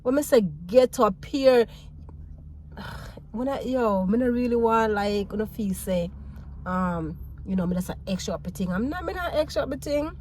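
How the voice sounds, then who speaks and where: Jamaican woman vlogger, lively and laughing, patois mixed with English, voice a bit high. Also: moderate pace, slight background noise. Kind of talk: casual storytelling to camera.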